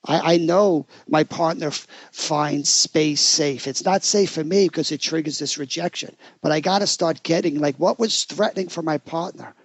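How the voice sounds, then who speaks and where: A middle-aged man co-hosting a podcast in a gentle, encouraging way. His voice sits a bit higher than most men's. The recording is dry and close-miked. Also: moderate pace, hardly any pauses, dry recording. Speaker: podcast co-host, therapist. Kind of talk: casual conversational podcast.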